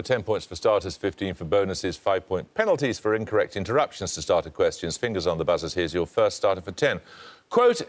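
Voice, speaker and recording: Male quizmaster, formal and brisk, very lively intonation, authoritative. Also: fairly low pitch. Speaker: quiz show host. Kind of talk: formal quiz hosting.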